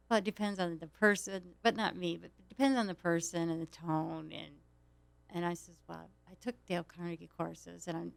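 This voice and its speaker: A woman's voice: lowish voice, gravelly. A woman telling a rambling story in casual chat, laughing often as she goes. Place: small studio.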